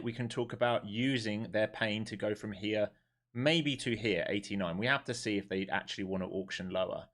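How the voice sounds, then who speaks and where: Medium in pitch with a fairly bright tone, this man is streaming his day trades live. Blunt and profane, he peppers his audience with questions he then answers himself, sounding emphatic and wound up.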